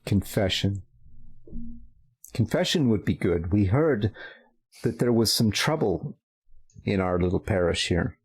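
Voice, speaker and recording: A man voicing a sultry, calm cybernetic nun with a soft, coaxing delivery. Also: lowish voice, a little slow, pauses often, breathy edge, heavily acted.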